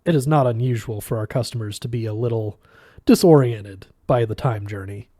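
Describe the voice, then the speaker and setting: A man's voice: medium pitch, fairly quick, warm tone, no echo, clean studio sound, lightly acted. A man voicing a small, wizened green alien waiter who is coldly polite and a little sarcastic. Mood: prim politeness. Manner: prim, over-polite, clipped.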